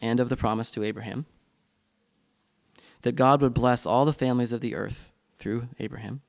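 A man with a gravelly, creaky voice teaches a church class, talking loosely and off the cuff. He keeps stopping to say um and restarting his thoughts as he leads the group's discussion. His pitch sits in an ordinary middle range. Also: steady tone, normal speed. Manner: loose, unscripted, frequent ums and restarts.

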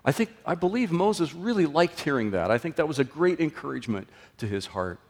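A male pastor preaches in a relaxed, conversational manner, his voice rising and then dropping to a hush. He speaks at a middling pitch. A long reverb trails his words through a large church room. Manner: conversational, with sudden lifts and drops in pitch and loudness. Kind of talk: sermon.

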